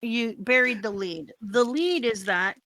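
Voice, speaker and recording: Playful middle-aged mom on a stream. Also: female voice, on the high side, animated, measured pace, a bit bright, dry recording. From Canada. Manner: playful, teasing, jumps into goofy voices. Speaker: streamer co-host, mother. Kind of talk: casual chat.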